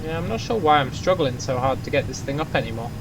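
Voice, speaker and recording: A man's voice: mid-range voice, lively intonation, quick pace, noisy background. A young man giving casual gameplay commentary, thinking aloud and muttering to himself as he plays. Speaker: gaming YouTuber.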